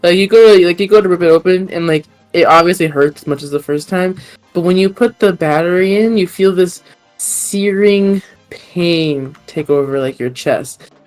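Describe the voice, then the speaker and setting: A woman's voice: lowish voice, moderate pace, darkish tone, soft background music. A woman narrating a tabletop game as game master, meandering with many fillers.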